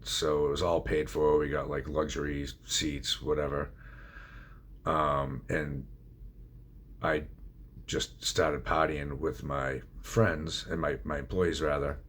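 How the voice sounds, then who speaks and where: A man's voice: rumbling low, flat delivery, slow, fairly bright tone, slight background noise. A middle-aged man telling his own story of addiction in a blunt, confessional way, swearing freely. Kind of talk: candid personal storytelling.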